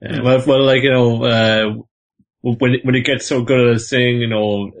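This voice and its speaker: A man in casual anime podcast chat, speaking haltingly with many restarts and some laughter. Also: medium pitch, steady tone. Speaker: podcast guest.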